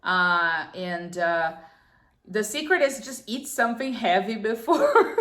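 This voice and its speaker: A woman's voice: medium pitch, sing-song, takes it slowly, a bit bright. Chatty woman hesitating through casual talk. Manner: chatty, hesitant, many fillers, giggly. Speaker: podcast co-host. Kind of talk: casual film review chat.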